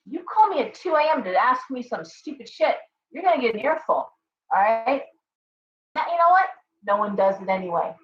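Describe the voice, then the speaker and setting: A woman's voice: fairly high pitch, sing-song, moderate pace, a bit bright. A middle-aged woman hosting a live tarot stream, blunt, profane and scolding as she rants and reads cards. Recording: echoey, dull live-stream audio.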